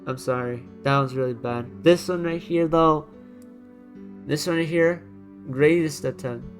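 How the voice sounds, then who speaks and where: A man's voice: on the high side, measured pace, soft background music. A man giving casual commentary as he ranks designs. He talks bluntly and repeats himself, thinking aloud, and keeps his voice down so he won't overload his microphone. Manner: blunt, repetitive, thinks aloud while dragging items. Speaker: YouTuber ranking designs. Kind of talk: casual screen-recorded commentary. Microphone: desk microphone.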